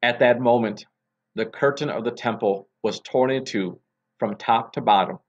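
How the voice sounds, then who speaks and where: A man, a pastor, reading scripture aloud and opening a devotion in a measured, deliberate way. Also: mid-range voice, muffled recording.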